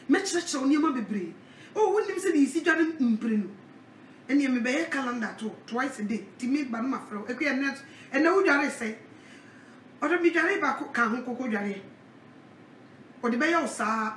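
A woman preaching a sermon, animated, with a repeated call-out refrain. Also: high-pitched, far from the mic, a little hiss or hum. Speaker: evangelist. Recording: echoey, from off the mic.

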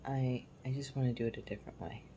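A woman in her forties telling a personal parenting story in a candid, reflective way, sometimes dropping to a soft hush. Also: rumbling low, steady tone, quick pace, lo-fi sound, slight background noise. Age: 40s. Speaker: parenting vlogger.

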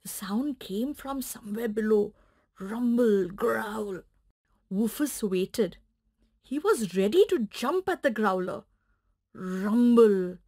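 A woman reads a children's animal story aloud in a gentle, expressive way. Her voice sits fairly high, and she takes her time with each line. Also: unhurried, breathy edge.

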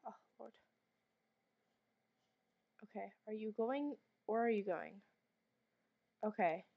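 A woman's voice: mid-range voice, animated, takes it slowly, gravelly, husky, dull audio. A woman giving let's play commentary while sick and coughing, jumpy and anxious, swearing often and dropping to whispers in tense moments. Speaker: gamer streamer.

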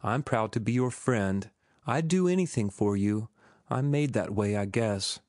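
A man voicing a devoted, defiant young working-class woman who pleads softly and earnestly in an audiobook. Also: fairly low pitch, lively intonation, a little slow, no room sound, studio quality.

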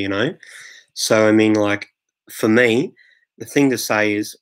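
A man's voice: lowish voice, unhurried. A man hosting a live online Q&A, chatting casually and rambling with many fillers and restarts. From England. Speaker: host answering viewer questions. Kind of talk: live Q&A chat.

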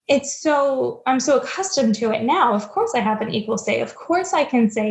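A woman's voice: a little high, a little fast, vocal fry, hardly any pauses. A young adult woman speaking as a podcast guest, earnest and reflective, a little self-deprecating about her stepmom experience. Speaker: guest, stepmom platform founder. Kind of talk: candid podcast interview. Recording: dull lo-fi remote audio.

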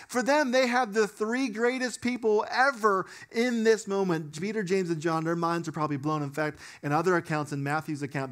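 A young man preaching a sermon in an animated, conversational way, with casual fillers. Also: sits high, moderate pace, hardly any pauses. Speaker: pastor.

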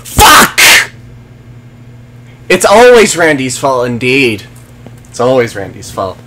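A man's voice: medium pitch, huge pitch swings, slow pace, bright, forceful tone, a little hiss or hum. A man streaming a video game, swearing and sarcastically taunting enemies while chatting with viewers. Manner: profane, sarcastic, talks to game enemies and chat. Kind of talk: live gameplay commentary.

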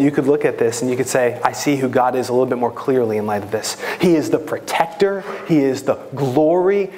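A man's voice: medium pitch, darkish tone, slight background noise. A man with a New York accent preaching a sermon as a pastor, earnest and rising to impassioned, prayerful pleading.

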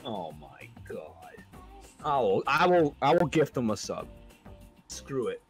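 A man giving excited live stream commentary on a fighting game tournament, exclamatory and quick to laugh. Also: medium pitch, soft background music. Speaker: esports commentator.

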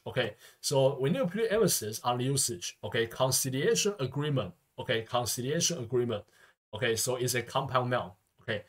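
Man teaching vocabulary with constant okay tags. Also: mid-range voice. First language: Mandarin. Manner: peppers speech with constant "okay" and "yeah" tags. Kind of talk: vocabulary lesson lecture.

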